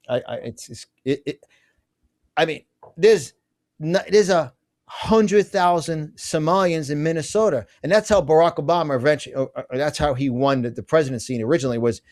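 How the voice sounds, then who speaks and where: A man's voice: a little high, moderate pace, darkish tone. A middle-aged man speaking as an interview guest, ranting with force, piling up asides and restarting his sentences. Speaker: guest, conservative business publisher. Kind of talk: fiery political interview talk.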